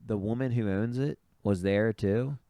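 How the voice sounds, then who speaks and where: A man's voice: lowish voice, unhurried, mellow, dry recording, studio quality. A man co-hosting a casual podcast chat, rambling through stories and laughing often. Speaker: podcast co-host.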